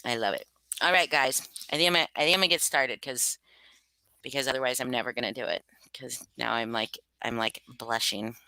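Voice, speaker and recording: Low, bright-voiced woman chatting casually. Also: a little fast, no room sound. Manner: rambling, filler-heavy, self-conscious. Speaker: livestream host reading stories. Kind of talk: casual livestream chat.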